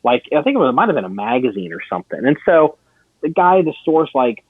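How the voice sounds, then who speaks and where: A man's voice: a little high, very animated, fast, breathy edge, no room sound. Rambling man on a tinny phone line. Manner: rambling storyteller with many restarts and swearing. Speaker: podcast co-host. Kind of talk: casual chat.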